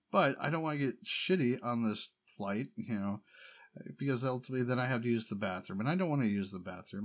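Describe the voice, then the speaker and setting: A middle-aged man from the United States in a casual personal monologue, rambling and wryly complaining. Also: mid-range voice. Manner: rambling, wry, exasperated complaining with laughs.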